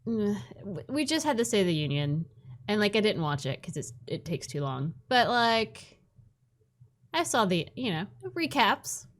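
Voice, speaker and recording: A woman's voice: mid-range voice, big pitch swings, unhurried. A woman co-hosting a podcast in casual chat, sounding fed up and swearing casually. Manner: weary, exasperated, swears casually. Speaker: podcast co-host.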